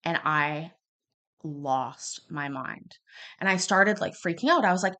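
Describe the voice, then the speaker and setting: A woman in her thirties telling a personal story in a casual, rambling way, restarting often and acting out quoted lines loudly. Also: low voice, animated, unhurried. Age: 30s. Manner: chatty and rambling, with many restarts; acts out quoted lines with sudden bursts of loudness. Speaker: podcast host.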